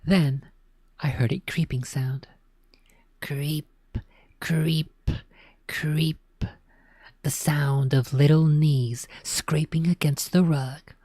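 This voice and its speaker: A woman reads a spooky children's tale aloud in a low voice, dramatic and often sinking to a hush. The sound is close and dry, with no room around it. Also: steady tone, takes it slowly, slightly rough, no room sound. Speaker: storyteller. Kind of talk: scripted narration of a spooky children's book.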